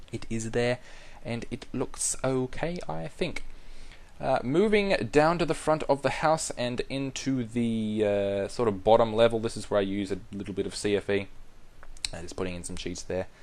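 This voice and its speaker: Young guy, lowish voice, chatty self-mocking gameplay voice-over, lots of ums. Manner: rambling and self-deprecating, many ums and restarts. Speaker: YouTuber narrating a game build. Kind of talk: casual voice-over commentary over gameplay.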